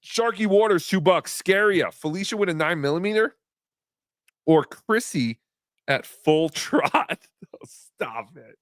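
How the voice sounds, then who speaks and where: Male livestream host, slightly higher-pitched, dry close sound, joking and rambling casting. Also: expressive, unhurried, no echo. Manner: rambling, joking, self-deprecating. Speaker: livestream host reading chat donations. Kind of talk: casual livestream chat.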